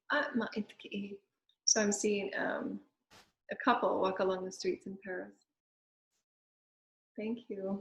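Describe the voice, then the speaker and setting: Soft-spoken woman channeling in an echoey room. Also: medium pitch. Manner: soft, gentle, flowing speech with many pauses. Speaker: channeler and medium. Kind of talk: spiritual channeling session.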